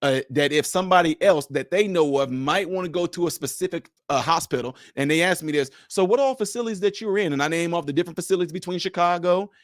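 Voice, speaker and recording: Man hosting a casual livestream, emphatic and preacher-like, voice a bit high, dry sound. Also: quick pace, few pauses, no room sound. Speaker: livestream host. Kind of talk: casual livestream talk to viewers.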